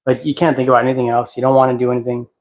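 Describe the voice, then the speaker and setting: Casting: male livestream host, reflective and halting, talks to viewers from home, sometimes sings softly. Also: mid-range voice, little pitch movement, rough recording. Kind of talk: casual livestream talk. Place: at home, cleaning a house.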